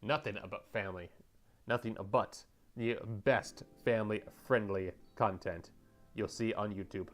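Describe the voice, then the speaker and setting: A man's voice: on the low side, fairly even intonation, a little slow, faint music behind. A young man livestreaming as he paints miniatures, rambling and joking with his chat.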